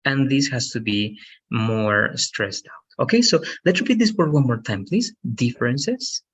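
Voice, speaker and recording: A man teaching an English lesson, encouraging and patient, slowing down to model how words are stressed. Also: medium pitch, very animated, a bit bright, slightly rough. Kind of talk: online language lesson. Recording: dull lo-fi sound.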